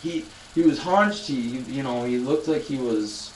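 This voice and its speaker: A man's voice: medium pitch, measured pace, roomy sound, distant mic, a little hiss or hum, low-quality recording. A man in his twenties chatting casually on a live stream, telling a rambling story with many restarts and addressing viewers. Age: 20s. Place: loud room.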